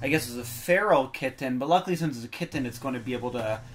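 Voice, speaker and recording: A man co-hosting a podcast talks fast in a mid-range voice with lively intonation, over a slight hiss or hum. He chats casually and rambles, with plenty of fillers and restarts.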